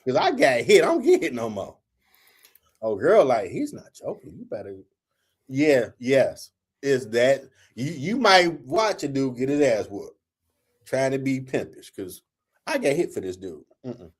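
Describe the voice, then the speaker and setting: A man's voice: mid-range voice, very animated, a little slow, slightly rough. A man in his forties, the host, telling a story casually and profanely, acting out quotes in a raised voice.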